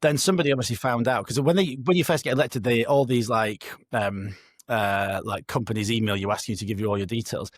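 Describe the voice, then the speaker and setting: A man's voice: medium pitch, quick pace, no room sound, clean studio sound. A middle-aged man, a podcast co-host, chatting in a self-mocking, rambling, wry way over a video call. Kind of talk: casual chat. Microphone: remote video call.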